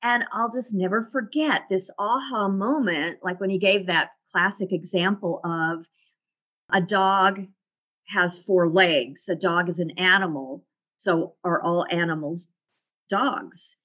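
A woman's voice: fairly low pitch, takes it slowly, a bit bright. A middle-aged woman talking as an interview guest, reflective and often laughing. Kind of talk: casual interview conversation.

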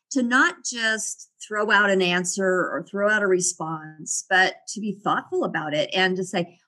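A woman's voice: mid-range voice, a bit bright, slightly rough. A middle-aged woman talking as an interview guest, reflective and often laughing. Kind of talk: casual interview conversation.

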